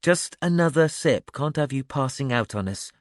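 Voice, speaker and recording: A man narrating an audiobook, voicing a practical young girl who gives brisk, firm orders. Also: mid-range voice, lively intonation, no echo, clean studio sound, voice pushed up, lightly acted. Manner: curt, firm commands.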